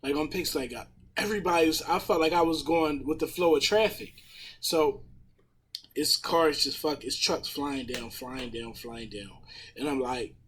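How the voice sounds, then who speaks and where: A man in casual podcast chat, retelling a story in a profane, animated way with a husky voice. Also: a little high, moderate pace. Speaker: podcast panelist.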